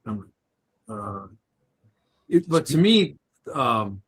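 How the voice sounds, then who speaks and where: A man's voice: mid-range voice, very animated, takes it slowly, husky. A man from the United States co-hosting a livestream in casual chat, rambling and hesitant, with many fillers. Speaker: livestream co-host.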